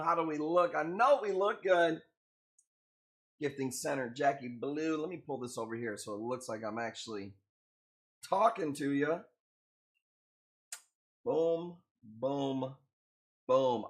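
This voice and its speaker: A man's voice: fairly high pitch, a bit bright. A man hosting a casual live stream, upbeat and greeting viewers by name as he chats. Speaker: live-stream host selling corals.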